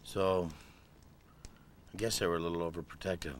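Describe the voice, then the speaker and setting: An actor playing an insecure, earnest young male ogre in an animated film, sounding distant as a film clip. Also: low-pitched, normal speed, close to an everyday voice.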